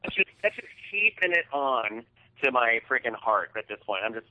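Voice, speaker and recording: A man's voice: mid-range voice, very animated, normal speed. A man hosting a podcast, retelling an embarrassing story in a casual, profane, heated way. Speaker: podcast host. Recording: tinny phone-like sound.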